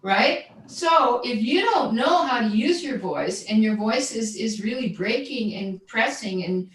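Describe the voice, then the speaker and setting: A woman coaching on the voice in an easygoing interview, explaining technique and checking in with a steady "right?" as she goes. Her voice sits back from the microphone in a roomy, echoing space. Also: fairly high pitch, measured pace. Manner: explanatory, often adds "right?", repeats words when searching. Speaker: guest voice coach and jazz singer. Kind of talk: conversational livestream interview. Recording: roomy echo, distant from mic.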